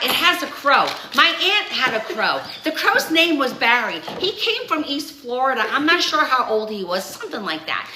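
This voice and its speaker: Gushing, rambling woman friend, put on by a woman; higher and livelier than her own voice. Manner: excited, breathless side stories. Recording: echoey room with background noise.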